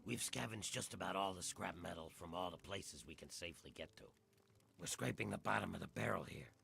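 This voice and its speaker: Gravelly world-weary ghoul. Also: male voice, sits low, a little fast, bright, forceful tone, slight background noise, full character voice. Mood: drawling. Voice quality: gravelly, rough voice. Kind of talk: video game dialogue.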